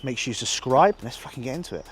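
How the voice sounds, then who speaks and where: A man's voice: medium pitch, lively intonation, rapid-fire, slight background noise. Sweary man vlogging outdoors. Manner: blunt and sweary, chatty. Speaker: bodybuilding vlogger. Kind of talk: casual vlog talking to camera. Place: outdoors on a walk.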